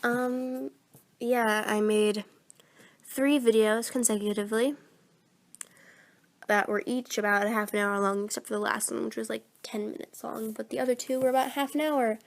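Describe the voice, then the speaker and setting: Rambling teen girl, higher voice. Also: steady tone, normal speed. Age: teens. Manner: rambling, meandering, self-deprecating. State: sick. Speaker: voice actor vlogger. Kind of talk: casual rambling vlog. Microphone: phone.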